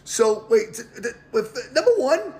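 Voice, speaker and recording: A man reacting to news with incredulous laughter, counting points slowly and deliberately. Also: very high-pitched, very animated, a little mellow.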